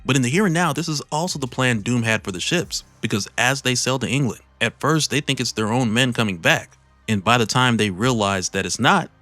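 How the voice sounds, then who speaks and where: A man's voice: medium pitch, brisk, fairly bright tone, no echo, soft background music. A man casually recapping a comic story with laughing, slangy asides, recorded on a close mic.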